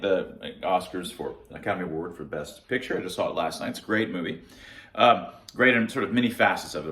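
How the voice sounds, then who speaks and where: Lively low-voiced man explaining science. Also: echoey room. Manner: lively, conversational, restarts words. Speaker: science vlogger. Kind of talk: casual explainer monologue.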